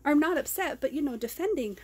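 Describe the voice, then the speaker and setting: A woman's voice: high-pitched, animated, quick pace, a little mellow. A woman talking in a raw personal vlog, rambling and ranting, often repeating herself. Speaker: vlogger. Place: car.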